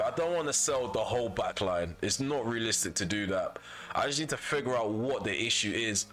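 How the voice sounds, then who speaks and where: Frustrated gamer, bright voice. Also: male voice, lowish voice, normal speed. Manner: frustrated, vents and repeats himself. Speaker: gaming YouTuber. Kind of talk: casual gameplay commentary.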